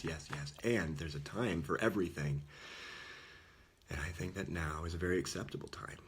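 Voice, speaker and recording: A man with a very low, gravelly voice preaches in an earnest, informal way. He often sinks to a near whisper for emphasis. Faint hiss sits behind him. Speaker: Catholic speaker. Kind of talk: casual sermon.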